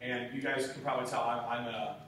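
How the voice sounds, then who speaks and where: A young man, a sales trainer, giving an enthusiastic, high-energy motivational talk to a room of sales reps. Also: steady tone, a little fast, a bit bright. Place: meeting room. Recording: echoey room from far off, faint noise.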